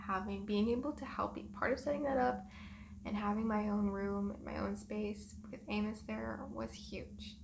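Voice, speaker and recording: A young woman in her twenties rambling through a personal story in a vlog, soft and emotional with many pauses and ums. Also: fairly high pitch, gravelly, noisy background. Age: 20s. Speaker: vlogger.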